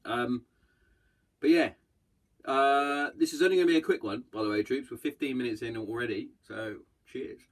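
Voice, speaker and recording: Man, podcast host, casual solo chat, blunt, sweary. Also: mid-range voice. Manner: acts out others' lines in quick voices.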